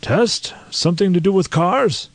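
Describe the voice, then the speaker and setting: A man's voice: high-pitched, measured pace, dry recording, pitched above the performer's own voice. A man voicing a jovial, dismissive male army colonel who talks in a breezy, offhand way.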